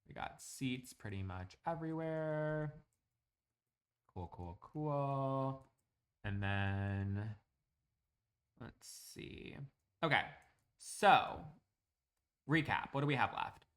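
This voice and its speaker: A man's voice: mid-range voice, animated, slow, pauses often, fairly bright tone. Chatty young man rambling on a stream. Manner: rambling, chatty, lots of fillers. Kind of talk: casual live-stream chat while gaming.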